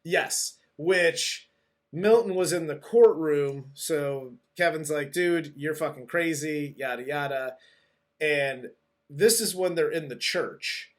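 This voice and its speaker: A man's voice: fairly high pitch, slow pace. A man co-hosting a casual movie review, recapping the plot in a loose, rambling way with restarts. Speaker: podcast co-host.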